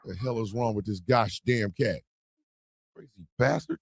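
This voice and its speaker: A man hosting a casual morning show, loud and profane, often shouting and laughing as he talks. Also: mid-range voice, huge pitch swings, fairly quick, creaky, slightly rough, no echo, clean studio sound. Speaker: host of a morning stream show.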